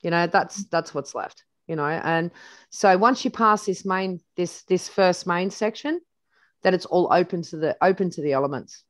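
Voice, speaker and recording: A woman's voice: fairly low pitch, normal speed, no echo. An Australian woman from New South Wales, a guest in an interview, chatting loosely as she talks through photos and tells stories with lots of restarts. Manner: chatty and rambling, with many restarts; vivid anecdotes with reported speech. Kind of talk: casual storytelling over photos.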